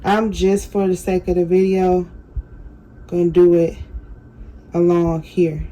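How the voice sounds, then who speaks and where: A woman's voice: on the low side, level tone, slow, warm tone. Chatty woman hosting a craft tutorial. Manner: chatty, apologetic, self-deprecating. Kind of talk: casual how-to demonstration.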